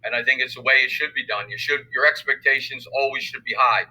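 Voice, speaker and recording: An older man, a football coach answering interview questions in a measured, thoughtful way. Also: mid-range voice, bright, forceful tone, rough recording. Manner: measured, thoughtful, many fillers. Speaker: high school football coach. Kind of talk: interview conversation.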